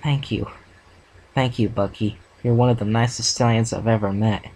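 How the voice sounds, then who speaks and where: A man voicing an earnest, heartbroken female farm pony, reading her lines gently in a plain voice. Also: fairly low pitch, steady tone, normal speed, rough recording. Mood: sad, tearful.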